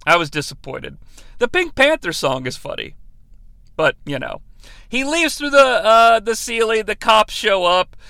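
Brief: young man, podcast host, sarcastic and profane, high animated voice, dry close mic. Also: unhurried, creaky, smooth, no echo. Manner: sarcastic and profane, acts out quotes from scenes. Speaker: podcast host reviewing movies. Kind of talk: casual comedic movie review.

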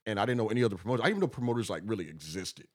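A man from Texas talks quickly in a husky, slightly rough voice. He is a guest on a casual talk show, telling stories and acting out quoted lines with animated energy. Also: on the low side. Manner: animated, acts out quotes with laughter. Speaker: guest promoter. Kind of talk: casual storytelling.

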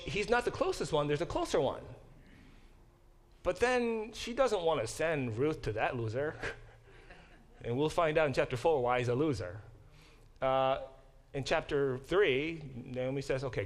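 A man's voice: fairly high pitch, a little slow. A man teaching a Bible class in a conversational lecture style, often acting out quoted speech and restarting his sentences. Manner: animated, acts out quoted speech.

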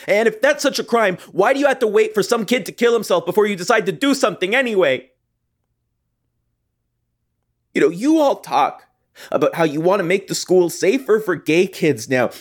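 A young actor playing a guilt-ridden, defensive teenage hockey player in a theatre monologue, rambling and constantly seeking agreement. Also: male voice, sits high. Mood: indignant.

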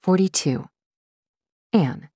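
Low-voiced woman narrating a tense audiobook. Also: slow pace, warm tone, breathy edge, no room sound, studio quality. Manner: tense and intense, rising sharply when voicing the heroine. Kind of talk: first-person audiobook narration.

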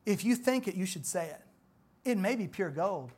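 A man, preaching a sermon in church in a folksy, conversational way that swells louder on emphatic points. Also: high voice, lively intonation, moderate pace, husky. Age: 40s. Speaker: pastor.

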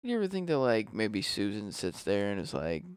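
A man's voice: fairly low pitch, very animated, moderate pace, clear, resonant tone, no echo, studio quality. A man co-hosting a podcast in casual chat, rambling and crude with many fillers. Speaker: podcast co-host.

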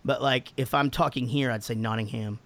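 A man's voice: mid-range voice, fairly even intonation, fairly quick, fairly bright tone. An American man in casual podcast chat, answering fan questions with lots of laughing, swearing and restarts. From United States. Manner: laughing, profane, rambling with restarts.

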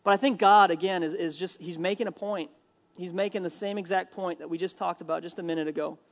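A male pastor from Minnesota preaching a sermon in a church, animated and jokey, acting out the people he quotes. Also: high voice, fast. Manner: animated, jokey asides, acts out quoted lines.

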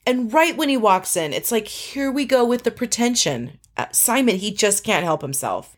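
A woman's voice: on the high side, expressive, moderate pace, hardly any pauses. A woman casually recapping a show, chatty and sarcastic, mimicking the people she quotes. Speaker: podcast host recapping a reality show.

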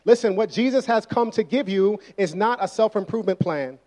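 A young adult male pastor delivering a sermon. He talks in a casual, conversational way and leans hard on his key points. His voice sits a little higher than most men's. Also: fairly quick, warm tone. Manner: conversational, emphatic preaching.

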